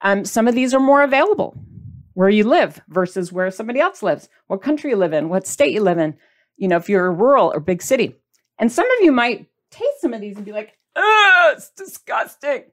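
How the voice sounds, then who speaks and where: Brisk and very animated, this medium-pitched woman runs a diet podcast in a chatty style. She quizzes her viewers, shows off products while she talks, and playfully imitates how they might react.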